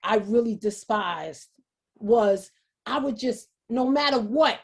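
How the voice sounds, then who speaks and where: Husky-voiced woman sharing her story. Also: a little high, lively intonation. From New York, USA. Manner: earnest, halting, repeats words. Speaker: guest speaker. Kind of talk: emotional personal testimony. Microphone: video call.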